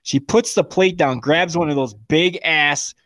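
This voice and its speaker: A man's voice: on the high side, a little slow, a bit bright, dry recording, studio quality. A man in his forties co-hosting a podcast, telling crude stories in casual chat and laughing often. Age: 40s. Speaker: podcast co-host.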